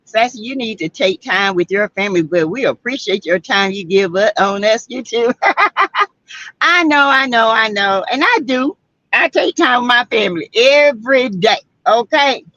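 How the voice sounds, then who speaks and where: A Southern-accented woman hosting a laid-back livestream, reading out viewer comments and greeting people by name. She talks slowly, with a voice pitched a little high. The sound is dull and lo-fi. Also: lively intonation, pushed and bright, dry recording. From South Carolina. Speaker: livestream host.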